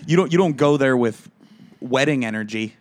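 A man co-hosting a comedy podcast who adds quick joking comments in casual chat. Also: medium pitch. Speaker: podcast co-host.

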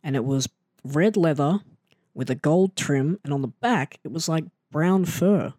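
A man telling a story in a casual, animated and self-mocking way, often jumping into an excited higher voice. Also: unhurried, no room sound, studio quality. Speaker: storyteller recounting his wrestling start.

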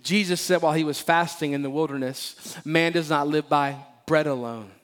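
A man preaching a sermon as pastor of a church, animated and emphatic, often repeating phrases and playfully acting out Bible characters. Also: fairly high pitch, moderate pace. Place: church sanctuary.

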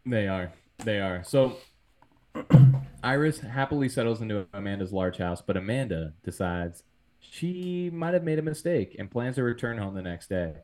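A man's voice: fairly low pitch, animated, normal speed, a little mellow. A man hosting a casual podcast, recapping a film plot and laughing often. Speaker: podcast host. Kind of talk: casual movie recap chat.

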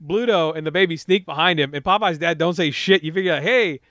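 A man's voice: on the high side, fast talker, a bit bright, no echo, clean studio sound. A man recapping a movie in casual comedic chat, swearing a lot and acting out the characters' lines. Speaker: podcast co-host.

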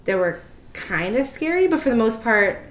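A woman's voice: on the high side, sing-song, moderate pace, roomy sound. A woman in her late twenties, a podcast host, chatting casually with many fillers. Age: late 20s. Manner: chatty, lots of fillers and likes, laughs easily. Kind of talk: casual chat.

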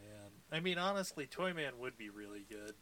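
A man's voice: medium pitch, animated, normal speed, bright, forceful tone. A man co-hosting a casual movie recap podcast, laughing, swearing and riffing on the plot. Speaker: podcast co-host.

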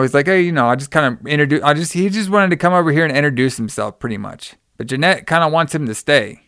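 A young man with a mid-range, fairly bright, resonant voice comes through clearly in clean studio sound with no echo. As a podcast co-host, he casually recaps a film's plot, rambling and saying "like" and "you know" a lot.

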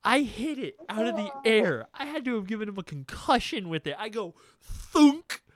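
Animated young man telling a wild story. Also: high-pitched, fairly quick, crowd noise. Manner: animated, profane, acts out sounds and quotes. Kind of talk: comedic storytelling.

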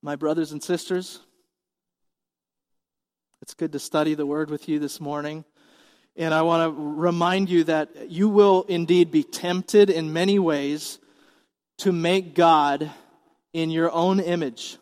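A man's voice: a little high, a little mellow, long reverb tail. A man in his forties preaching a sermon as pastor, earnest and emphatic, asking the congregation questions. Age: 40s.

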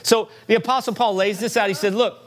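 A middle-aged pastor preaching in a church sanctuary, his voice sitting a little high. He talks to the congregation in a loose, conversational way, slipping in asides and pushing his pitch up to stress each point. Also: quick pace. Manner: animated, conversational preaching with asides and rising emphasis. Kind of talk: sermon.

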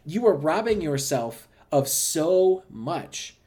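A man's voice: a little high, moderate pace. Ranting man podcast co-host. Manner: ranting, profane, animated. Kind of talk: casual podcast chat.

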